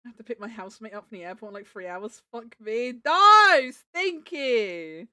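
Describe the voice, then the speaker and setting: A woman's voice: medium pitch, fairly even intonation, fast, a little mellow, no room sound, studio quality. A woman livestreaming from home, chatting casually with viewers, giggling and restarting her words as she talks into a desk microphone.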